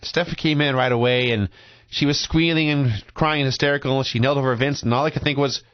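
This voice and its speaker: A man's voice: medium pitch, fairly even intonation, fairly quick, no room sound. A man co-hosting a podcast, making wry, joking asides in casual banter. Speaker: podcast co-host. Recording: dry, muffled lo-fi recording.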